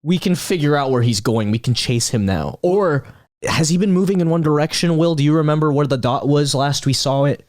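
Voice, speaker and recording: A man's voice: a little high, fairly quick, darkish tone, no echo, clean studio sound. A man playing in a tabletop game, talking in character in a reassuring, rambling way full of "like". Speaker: player.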